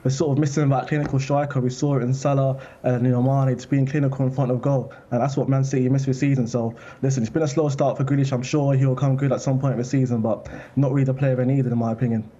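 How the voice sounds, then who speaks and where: A man giving his opinions as a football journalist on a panel, in a measured way. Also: medium pitch, flat delivery, dark tone, muffled recording. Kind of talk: studio panel chat.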